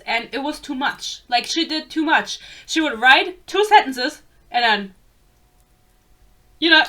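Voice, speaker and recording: Young woman, fairly high voice, bright and forceful, sarcastic book rant, swears a lot. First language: German. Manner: exasperated, sarcastic, swears freely. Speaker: book reviewer.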